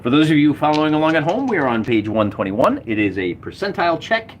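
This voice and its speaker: Guy narrating his solo tabletop game, rambly and excited, voice bouncing all over, faint hiss in the background. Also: on the high side, fast. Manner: enthusiastic, rambling with restarts. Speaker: solo wargamer running a game. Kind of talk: casual game commentary.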